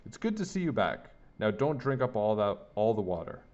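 A man's voice: lowish voice, very animated, moderate pace, darkish tone, lo-fi sound. A man doing a patient, encouraging swim teacher.

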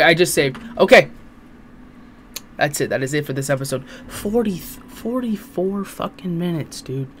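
A man's voice: fairly high pitch, a little hiss or hum. Crude, jokey young man playing a horror game. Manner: jokey, crude, reactive, swears a lot. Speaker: gaming channel host. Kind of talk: casual let's play commentary.

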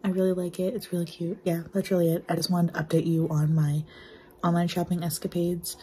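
This vlogger, a woman in her twenties, talks indoors at home in a lowish, mellow voice, fairly quick yet flat in delivery. She's bubbly and rambles with plenty of fillers, and the poor audio has a little hiss or hum.

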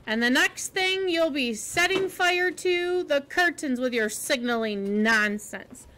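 A woman's voice: high voice, animated, slow pace, sharp tone, a little hiss or hum, heavily acted. A woman reading aloud and voicing a stern older woman who scolds shortly and emphatically. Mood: scolding.

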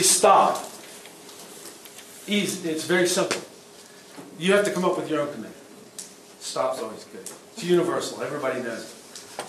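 A middle-aged man teaches a self-defense class in a plain, practical way, checking in with quick questions. His voice sits a bit high for a man. He is picked up from a distance in a reverberant room with faint background noise. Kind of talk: workshop teaching. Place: event hall. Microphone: distant room mic. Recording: echoey hall from far off, faint noise.

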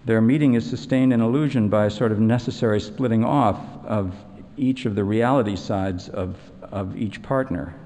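Low-voiced man lecturing in a hall. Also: warm tone. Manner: measured, explanatory. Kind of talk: evening lecture with storytelling.

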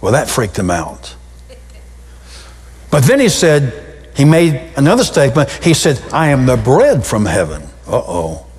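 A male pastor preaching a sermon, his voice leaping up and dropping low with sudden changes of pace. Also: big pitch swings, a little slow, a little mellow, slightly rough. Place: church sanctuary. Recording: long reverb of a church hall.

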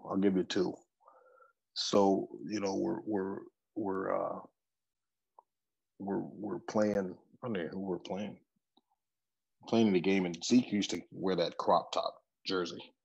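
A man's voice: deep voice, gravelly, darkish tone, husky, muffled recording. A middle-aged man, a football coach, telling stories in an interview, often repeating words as he starts a sentence. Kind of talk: interview storytelling.

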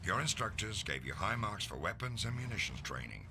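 A man voicing a stern, brisk army intelligence colonel giving a formal military briefing in a war video game. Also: on the low side, sing-song, noisy background. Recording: game audio with music behind. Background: music.

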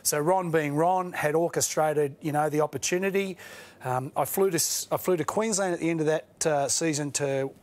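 A middle-aged Australian man, a studio guest on a chat show, talking earnestly with halting restarts and laughing through his stories. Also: on the high side. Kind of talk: casual panel chat, storytelling.

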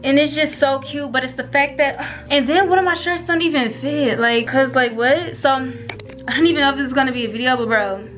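A young woman vlogger, chatting loudly and bossily and laughing a lot. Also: sits high, soft background music. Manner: loud, bossy, quick to laugh, slangy. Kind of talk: casual chaotic vlog banter.

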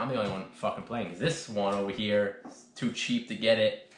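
At home in his bedroom, a young man vlogs casually with friends, rambling, swearing and laughing a lot. He talks briskly at a fairly low pitch, and the echoey room carries faint noise.

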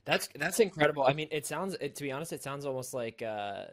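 A man's voice: on the high side, expressive, fast, a bit bright. A man hosting an interview, reacting with enthusiasm and stumbling through restarts. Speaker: podcast host. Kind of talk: casual interview chat.

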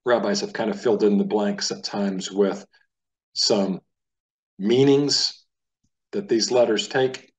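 A man from the United States teaching a casual Hebrew lesson, talking in a relaxed, conversational way and sounding out letters aloud. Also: lowish voice, slow pace, pauses often, far from the mic, rough recording.

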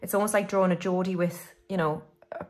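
A woman's voice: lowish voice, fairly even intonation, fast talker. A woman from the UK hosting a budgeting video, chatting casually as she counts money aloud and talks herself through each step. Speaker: budgeting channel host. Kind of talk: casual cash-stuffing commentary.

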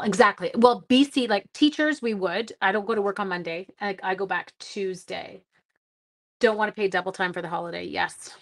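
A middle-aged woman chatting to viewers during a casual live-stream card-making demo, with silly sound effects. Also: mid-range voice.

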